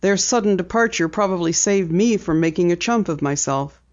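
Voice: mid-range voice, moderate pace, lightly acted. A reader voicing a middle-aged newspaper editor and father in a storybook reading, speaking sternly and a little irritably. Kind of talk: audiobook character reading. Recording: dull lo-fi recording.

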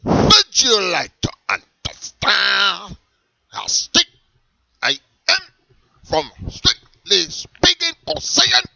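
A strict, shouty German leather peddler with an eye patch, barking in a put-on German accent. His voice is high, sharp and tense, and swings all over in pitch. The recording is dull and dry. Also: huge pitch swings, takes it slowly, vocal fry, no echo, full character voice. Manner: barking, theatrical, menacing. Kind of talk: comedy sketch character.

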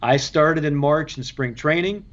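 A man, a baseball radio play-by-play broadcaster, telling anecdotes in an interview in a lively way, acting out the voices of others and often restarting his sentences. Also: on the high side, unhurried, lo-fi sound. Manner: lively, acts out quoted voices, frequent restarts.

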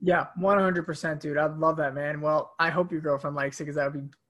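A man co-hosting a podcast in casual chat, animated and swearing freely. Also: on the high side, fairly quick, lo-fi sound. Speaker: podcast co-host.

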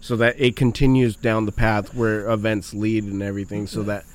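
A person telling friends about a movie in casual chat, excitable and swearing heavily, laughing and choking up while talking. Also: medium pitch, normal speed. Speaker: storyteller among friends.

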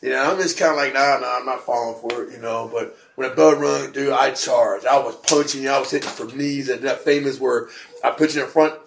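A man tells a story in an easy conversational tone, pitched right in the middle for a man. He gets excited and rambles, repeating himself as he goes. The sound is roomy and echoey, with a faint hiss behind him. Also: brisk, creaky. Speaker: podcast co-host. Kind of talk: casual storytelling chat. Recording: echoey room with faint noise.

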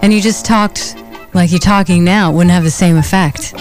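A woman's voice: on the low side, fairly even intonation, normal speed. A woman co-hosting a morning radio show, chiming in with dry, teasing quips. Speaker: radio co-host. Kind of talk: casual on-air banter. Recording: radio broadcast with music under it.

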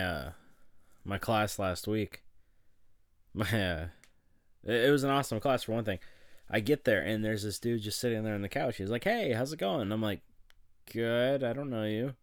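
A man's voice: lowish voice, no room sound, studio quality. A man giving a casual, rambling personal update to the camera, swearing freely and chuckling as he goes. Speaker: vlogger.

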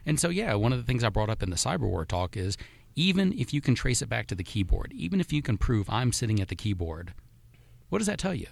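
A man co-hosting a podcast in casual chat, sarcastic and animated. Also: lowish voice, fast talker, vocal fry. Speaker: podcast co-host.

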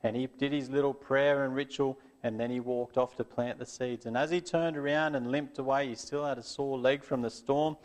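A man telling a Bible story to children and closing in prayer, gentle and earnest. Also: mid-range voice, steady tone, normal speed, few pauses.

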